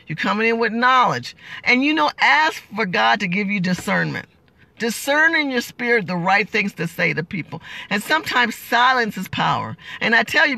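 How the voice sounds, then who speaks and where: A woman's voice: mid-range voice, pushed and bright, no echo. A woman hosting a political livestream, talking in an emotional, emphatic, preachy way as she answers viewer comments.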